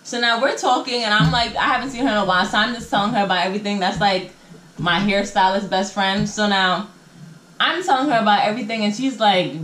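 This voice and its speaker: A young adult woman recounts a casual storytime in her home vlog, using slang and imitating each person's lines. Her medium-pitched voice is brisk and fairly bright, recorded on a camera mic in low quality with reverb.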